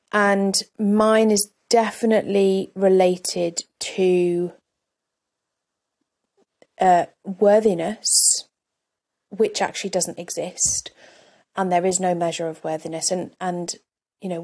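A woman's voice: fairly low pitch, creaky, darkish tone. A woman coach hosting her own podcast, talking candidly and reflectively in a conversational way. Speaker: life coach and podcast host. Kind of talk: solo podcast talk.

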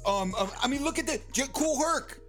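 A man's voice: very high voice, expressive, normal speed, a bit bright. A man co-hosting a casual talk show, talking emphatically about music history and the industry. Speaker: podcast co-host. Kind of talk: casual chat.

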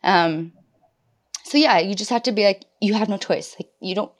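A woman in her twenties, a podcast guest, telling a personal story in a chatty, animated way, acting out her own past thoughts. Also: mid-range voice, normal speed. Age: 20s. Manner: animated storytelling with quoted inner voices. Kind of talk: casual podcast conversation.

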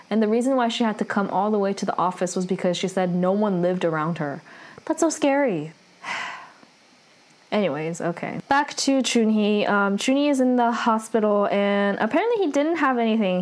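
A woman's voice: medium pitch, darkish tone. A young adult woman casually retelling a drama episode, talking loosely with lots of fillers and small laughs. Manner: chatty, filler-heavy with frequent "like", laughs between lines. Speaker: drama recapper.

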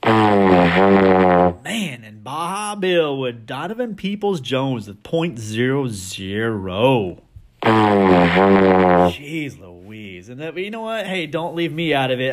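A man's voice: medium pitch, moderate pace, hardly any pauses, faint music behind. A man hosting a fantasy football league podcast, recapping the week in a rowdy, joking way and teasing the league members. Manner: energetic with big swings in loudness.

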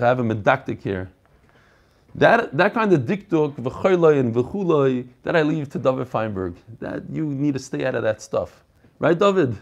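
A man teaching an online Talmud class over a video call, animated and quizzing his students. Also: medium pitch, creaky, highs cut off. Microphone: computer mic on a video call.

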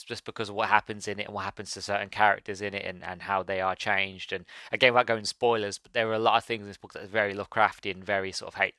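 Male podcast host, casual rambling book review, eager and animated, bright edge, no room sound. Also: fairly low pitch, no echo. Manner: enthusiastic, rambling, self-correcting.

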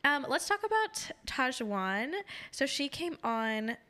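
Bright, gushing woman podcast host. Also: sits high, big pitch swings, slow. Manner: chatty, gushing, laughs often. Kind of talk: casual chat.

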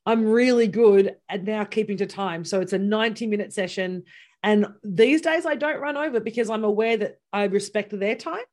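A woman coach in a casual chat, animated, acting out quoted dialogue and laughing often. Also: medium pitch, moderate pace. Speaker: business coach.

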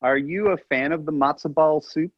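A man co-hosting a comedy podcast in casual chat, laid back and quick to laugh. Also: a little high, no room sound, muffled recording. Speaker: podcast co-host.

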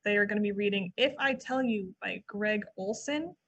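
A woman library staffer co-hosting a casual podcast, reading event listings and adding quick asides. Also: medium pitch, fairly bright tone, slightly rough, muffled recording. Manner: chatty, reads listings then adds quick asides. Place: old brick library building.

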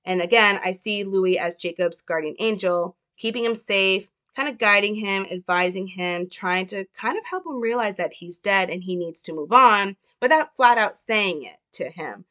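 A woman's voice: medium pitch, normal speed, hardly any pauses, sharp tone. A young woman talking casually as she analyzes a film, chatty and hedging. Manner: chatty, hedging, full of fillers. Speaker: film commentator.

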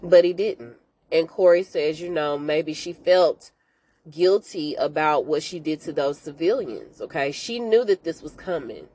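A woman hosting a podcast, recapping a TV series in a casual, animated, slangy way, often speaking to listeners as y'all. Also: sits low, unhurried. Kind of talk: casual chat.

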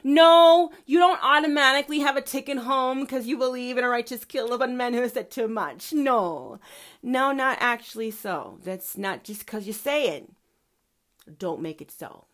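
A woman host ranting in a fiery, preachy monologue full of profanity. Her voice sits fairly high. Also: animated, moderate pace, fairly bright tone. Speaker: podcast host. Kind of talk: impassioned monologue.

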